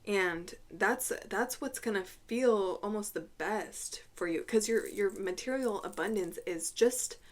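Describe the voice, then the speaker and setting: A woman giving an intuitive tarot reading to camera, speaking haltingly, repeating words, clearing her throat, and dropping to a hushed voice when she names cards. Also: mid-range voice. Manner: soft, hushed drops when naming cards. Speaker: tarot reader.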